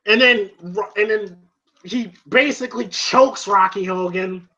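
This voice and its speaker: A man's voice: sits high, measured pace. A man casually retelling a film scene on a podcast, laughing and swearing as he goes. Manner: animated, laughing, acts out lines in shouts. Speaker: podcast co-host reviewing a film. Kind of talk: casual profane chat. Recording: dull lo-fi sound.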